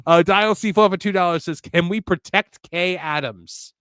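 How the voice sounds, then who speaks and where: A man hosting a casual wrestling podcast, reading viewer super chats and riffing on them, often trailing off quietly. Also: high-pitched, moderate pace, clean tone, no room sound, studio quality. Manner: animated, trails off quietly, mimics callers.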